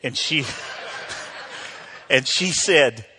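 A man's voice: medium pitch, lively intonation, extremely slow, sharp tone, slightly rough. A middle-aged male pastor giving a sermon, telling a personal story in a conversational way with many fillers before building to emphatic preaching.

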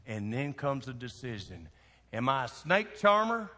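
A man's voice: mid-range voice, sing-song, unhurried, pushed and bright, long reverb tail. A man, a pastor preaching a sermon with folksy, emphatic storytelling.

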